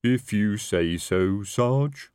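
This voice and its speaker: A man voicing a slow-witted, hulking male troll constable in an audiobook, speaking slowly and dutifully. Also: on the low side, animated, a little mellow, clear, resonant tone, no room sound. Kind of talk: audiobook character voice.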